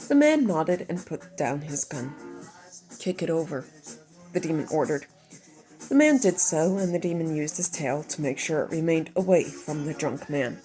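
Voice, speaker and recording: Low-voiced woman reading her story. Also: expressive, normal speed, dark tone, faint music behind, poor audio. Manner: chatty, self-deprecating asides between narration. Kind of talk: story reading with casual asides.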